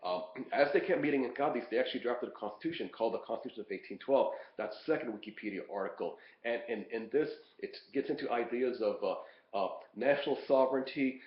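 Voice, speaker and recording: Halting male lecturer, echoey lo-fi. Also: medium pitch. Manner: halting, heavy fillers and repeated words. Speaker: college instructor. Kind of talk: lecture recording previewing readings. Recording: echoey, dull lo-fi room recording.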